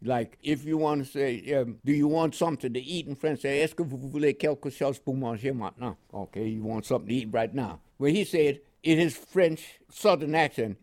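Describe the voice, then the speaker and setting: An older man recounting his wartime service in a relaxed, rambling interview, laughing now and then. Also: mid-range voice, a little fast, few pauses, dry recording, clean studio sound. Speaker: veteran guest. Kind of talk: oral history interview.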